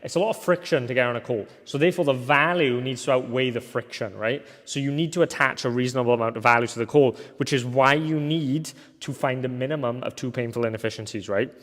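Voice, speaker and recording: A young man from Wales teaching a recorded course lecture in a casual way, often tagging points with a quick question and filling pauses as he thinks. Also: medium pitch, a bit bright. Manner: casual, ends points with a tag question, thinks aloud with fillers. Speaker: agency coach. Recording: long hall reverb.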